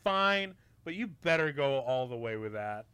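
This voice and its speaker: A man's voice: mid-range voice, very animated, normal speed, sharp tone, clear, resonant tone. A man chatting and joking during a movie commentary, laughing a lot and throwing in hammy asides. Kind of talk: casual movie commentary chat.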